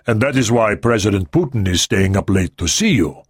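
A man voicing a courteous male government aide who speaks formally, in a raised, husky voice. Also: fairly low pitch, lively intonation, normal speed, no echo, studio quality. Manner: polite, formal hospitality.

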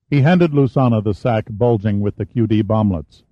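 A man's voice: moderate pace, hardly any pauses, dry recording, highs cut off. Man narrating a thriller audiobook. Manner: even storytelling, shifts pitch for dialogue. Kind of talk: scripted narration with character voices.

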